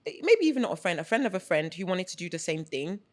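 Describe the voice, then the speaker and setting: A woman's voice: lowish voice, fast. A woman from the UK with a London accent, hosting a casual podcast chat and talking emphatically with lots of repetition. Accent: British (London). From United Kingdom. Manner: emphatic, animated storytelling with repetition. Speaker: podcast host.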